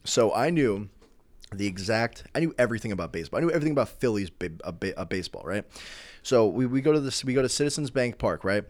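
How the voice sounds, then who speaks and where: Young male podcast co-host, low-pitched, chatty and rambling, restarts a lot. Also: animated, fast, dry recording. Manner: rambling, many restarts and filler words. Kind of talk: casual chat.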